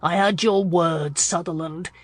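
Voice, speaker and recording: A woman narrator voicing a stern, protective young gentleman who speaks firmly and with emphasis. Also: medium pitch, normal speed, natural voice. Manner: firm, emphatic.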